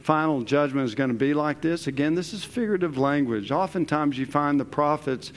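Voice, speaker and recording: A man teaching through a Bible passage verse by verse, slowing down and stressing key words. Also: fairly high pitch. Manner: slow, deliberate, leans hard on key words.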